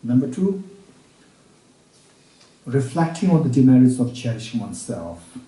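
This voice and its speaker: A man teaching Buddhist practice at a retreat, repeating each point slowly as if dictating, with halting restarts and check-ins with his listeners. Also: medium pitch, very animated, warm tone. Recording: roomy room, speaker far from mic.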